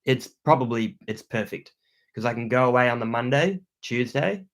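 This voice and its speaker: A man's voice: mid-range voice, lively intonation, moderate pace. A young Australian man hosting a livestream from a room at home, reading viewer comments aloud and thanking them in laid-back slang. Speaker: outdoor channel host.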